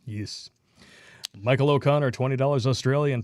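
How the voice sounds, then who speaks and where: A man's voice: mid-range voice, moderate pace, dry recording. Male livestream co-host, brash and crude, joking while reading tips; dry room. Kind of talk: casual livestream chat.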